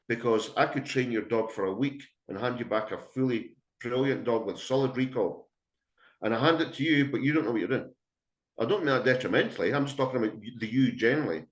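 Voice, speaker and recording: A middle-aged man, a dog trainer giving a blunt, emphatic webinar talk full of anecdotes to dog owners. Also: mid-range voice. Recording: echoey room.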